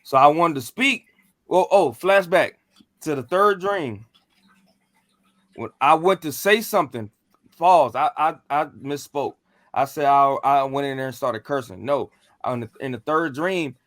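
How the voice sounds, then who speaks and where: A man's voice: a little high, moderate pace, no echo. Profane man telling a ghost story casually. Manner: animated, profane, slangy, acts out what he said.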